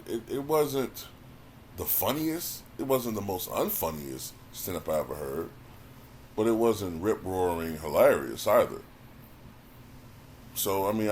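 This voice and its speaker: Deep-voiced man giving a casual review. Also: a little mellow, a little hiss or hum. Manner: conversational, repeats words when thinking, frequent "you know what I'm saying". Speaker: YouTube commentator reviewing a stand-up special.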